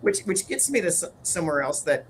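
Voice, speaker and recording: A man co-hosting a casual talk show, speaking haltingly with many repeated words and fillers. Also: a little high, sing-song, a bit bright, a little hiss or hum. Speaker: podcast co-host. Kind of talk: casual conversational chat.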